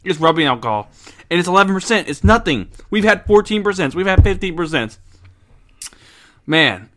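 Male podcast host, casual and blunt, bright forceful voice, swears freely, excitable. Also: high voice, normal speed. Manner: blunt, excitable, swears and laughs often, many restarts. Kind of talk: casual podcast beer review and wrestling recap.

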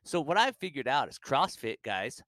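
A man co-hosting a podcast, telling a stand-up comedy bit with animated storytelling and sudden high mock voices. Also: normal speed, no room sound, studio quality. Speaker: podcast co-host.

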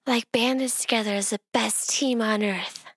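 High gravelly bubbly woman. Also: steady tone, normal speed, a bit bright, no room sound. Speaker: comedy sketch performer. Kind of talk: comedy sketch.

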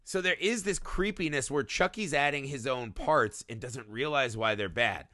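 A man co-hosting a casual movie podcast, talking fast and swearing freely as he breaks down a film. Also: medium pitch, no room sound, clean studio sound. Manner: animated, profane, acts out characters in quick bits. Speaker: podcast co-host.

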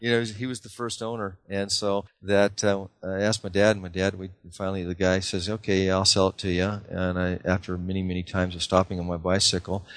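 A middle-aged man from Idaho with a very low, deep voice tells stories as an interview guest. He rambles, circles back and repeats words, filling pauses with "uh" and "you know.". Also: flat delivery, fairly bright tone. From Idaho, USA. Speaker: guest, car dealer. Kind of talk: casual interview storytelling.

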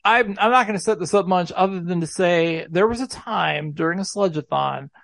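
A man's voice: high voice, normal speed, vocal fry, fairly bright tone, dry recording. A man hosting a sports betting podcast in casual chat, laughing often. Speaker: podcast host.

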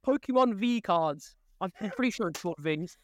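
A man's voice: high-pitched, lively intonation, normal speed, no echo, studio quality. A young man, co-hosting a casual podcast in a hyper, joking way. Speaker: podcast co-host. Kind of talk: casual chat.

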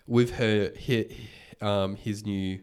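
A man, hosting a podcast and retelling a story in casual chat, animated and swearing freely. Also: lowish voice, takes it slowly, clean tone. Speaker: podcast host.

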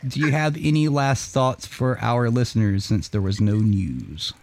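A man's voice: medium pitch, a little slow, gravelly, a little mellow, no room sound. A man hosts a podcast in loose, casual chat, swearing freely and laughing between his stories. His voice sits in a middle range. The sound is dry and close, with no room around it. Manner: profane, laughs often, tells stories. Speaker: podcast host.

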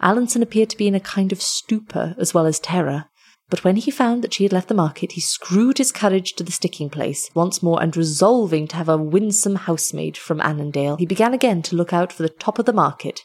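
Storyteller, female, low breathy voice, measured and expressive reading of an old tale.

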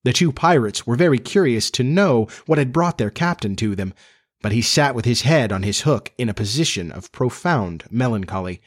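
A man narrating a children's storybook in a steady, measured reading voice. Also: medium pitch.

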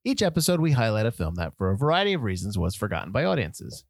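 A man's voice: fairly low pitch, sing-song, gravelly, no room sound, clean studio sound. A man co-hosting a film podcast in casual chat, playful and joking. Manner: joking, playful, quick asides. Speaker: podcast co-host.

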